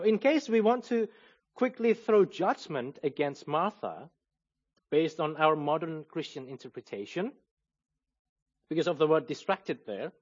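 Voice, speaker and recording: Male preacher, measured teaching sermon, lively pitch, slightly high voice. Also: slightly rough, muffled recording. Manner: measured, explanatory, lively intonation.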